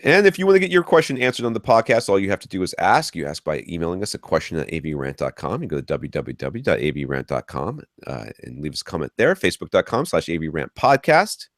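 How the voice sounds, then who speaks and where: Deep-voiced man, animated podcast ranting. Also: fast talker, hardly any pauses, no room sound, clean studio sound. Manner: animated ranting storyteller, frequent restarts. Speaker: podcast host. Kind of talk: casual podcast chat.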